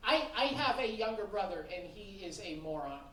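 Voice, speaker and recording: A woman's voice: mid-range voice, lively intonation, normal speed. A woman doing a stand-up set on a club stage, blunt and profane. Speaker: stand-up comedian. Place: comedy club stage with live audience. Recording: echoey live room, distant mic, noisy.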